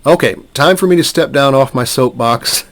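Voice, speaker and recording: A man's voice: mid-range voice, normal speed. A man, a middle-aged bankruptcy attorney, talking straight to camera and emphatically rebutting bad advice with scoffing asides. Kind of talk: direct-to-camera commentary.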